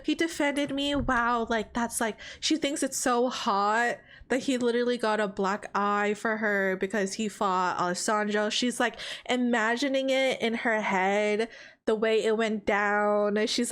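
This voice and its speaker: A young woman giving dramatic, animated commentary while playing a life sim game. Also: medium pitch. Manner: dramatic, animated, exclaims often. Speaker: streamer. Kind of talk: let's play commentary.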